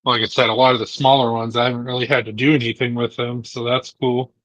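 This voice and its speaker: Man, bright voice, easygoing casual chat, knifemaker, garage workshop, dry close sound. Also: mid-range voice, level tone, quick pace, dry recording, poor audio. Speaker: knifemaker streamer. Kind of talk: casual chat while working.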